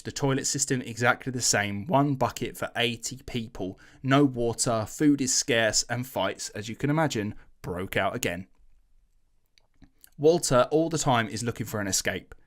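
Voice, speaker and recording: Speaking in a medium-pitched voice, this man hosts a podcast and recounts history in a loose, animated way. He curses freely and performs quoted lines in slangy voices.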